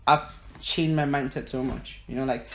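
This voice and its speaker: A young man from Nigeria co-hosting a podcast, chatting casually in animated, slangy banter. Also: mid-range voice, moderate pace, a little hiss or hum. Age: young adult. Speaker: podcast co-host. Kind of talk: casual chat. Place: small room in a flat. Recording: echoey room.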